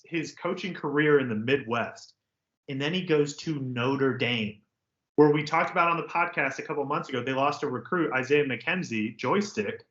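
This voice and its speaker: A man co-hosts a sports podcast, riffing in sarcastic, jokey bursts. His voice sits a bit high. The recording has a roomy echo and slightly dull sound. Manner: animated, sarcastic, jokey rants. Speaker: podcast co-host. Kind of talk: casual sports chat.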